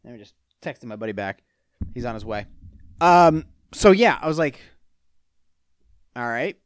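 A young adult man hosting a casual solo podcast, telling stories with profane, animated rants. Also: medium pitch, moderate pace, no echo. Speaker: podcast host.

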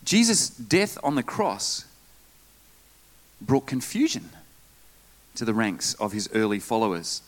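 Lively, animated male preacher. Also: on the low side, slow, long pauses. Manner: lively preaching with asides and jokes. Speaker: pastor. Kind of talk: sermon.

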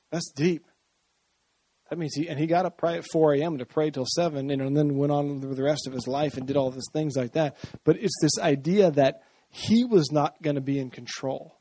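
Animated high-voiced male preacher. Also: brisk, no echo. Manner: conversational, animated, acts out voices. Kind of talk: sermon.

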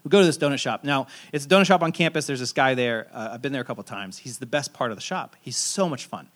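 A man in his thirties, a pastor preaching a sermon in a relaxed, conversational and self-deprecating storytelling way. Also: mid-range voice, fast.

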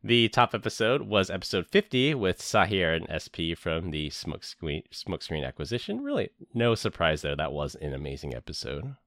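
A man's voice: sits low, very animated, moderate pace, few pauses, a bit bright, dry recording, studio quality. A man hosting a podcast, narrating a prepared year-end recap in an earnest, scripted way. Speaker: podcast host. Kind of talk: scripted narration and casual chat.

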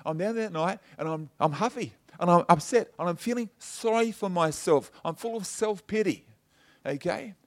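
A man's voice: sits high, moderate pace. A middle-aged man preaching a conversational sermon, telling personal stories and checking in with his listeners by asking "okay?". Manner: chatty and personal, tags points with "okay?" and "you know". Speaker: pastor.

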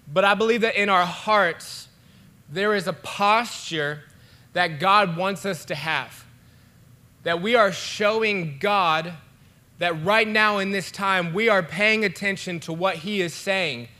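Bright-voiced young man preaching casually. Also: high-pitched. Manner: casual, conversational preaching with many fillers. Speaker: pastor. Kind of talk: online sermon.

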